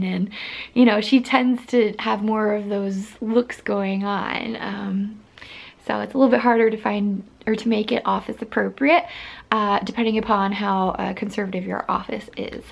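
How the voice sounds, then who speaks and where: A woman's voice: fairly high pitch, vocal fry. A woman in her thirties chatting casually to camera in her bedroom as a vlogger, filling her talk with fillers and small laughs. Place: bedroom at home.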